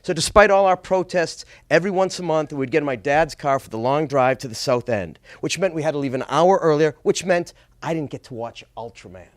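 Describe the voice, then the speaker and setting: A middle-aged man from Boston telling a personal story on stage, expressive with small stammers. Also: fairly high pitch, brisk, few pauses, no echo, clean studio sound.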